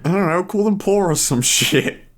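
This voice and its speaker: A man's voice: high voice, expressive, normal speed. A young man co-hosting a podcast, dropping dry, edgy quips and swearing. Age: young adult. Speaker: podcast co-host. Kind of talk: casual chat. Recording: loud background noise.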